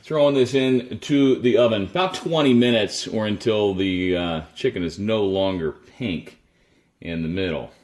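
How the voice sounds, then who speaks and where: A man's voice: fairly low pitch, a little slow, a little mellow. A man casually chatting his way through a home cooking demo in his kitchen, rambling and self-deprecating. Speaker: cooking video host.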